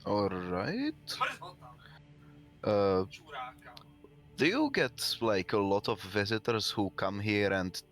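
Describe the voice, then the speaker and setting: A man's voice: on the low side, very animated, takes it slowly, long pauses, fairly bright tone, soft background music. A man playing a tabletop game, talking casually and hesitantly, his voice rising on questions. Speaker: player. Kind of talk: tabletop role-play.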